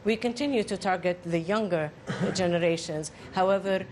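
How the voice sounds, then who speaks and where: A woman, a network executive, answering questions at a board meeting in a steady, informative way. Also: on the low side, normal speed, noisy background.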